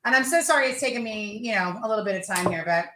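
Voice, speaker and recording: A woman's voice: mid-range voice, animated, racing, reverberant, background noise. A woman hosting a casual live chat with viewers, talkative and laughing as she drinks. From Pennsylvania. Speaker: livestream host.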